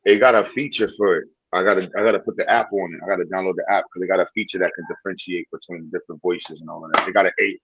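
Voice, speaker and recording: Fast-talking husky man. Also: low-pitched, dry recording, dull audio. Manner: blunt, excitable, slangy. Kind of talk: casual chat.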